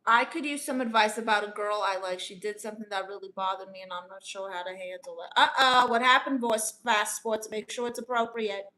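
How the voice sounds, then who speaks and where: A woman's voice: mid-range voice, steady tone, fairly quick, hardly any pauses, pushed and bright. A woman with a New York accent on a live stream, reading viewers' comments aloud and answering them as a chatty, playful aunt who calls people honey. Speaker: live streamer giving advice.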